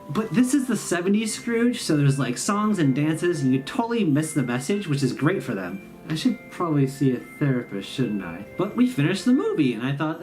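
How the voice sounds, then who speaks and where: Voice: medium pitch, very animated, normal speed, few pauses, a little mellow, soft background music. A host, telling a sarcastic, rambling comic story about the holidays. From Midwestern US. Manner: sarcastic, rambling, self-mocking. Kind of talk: comedic storytelling monologue.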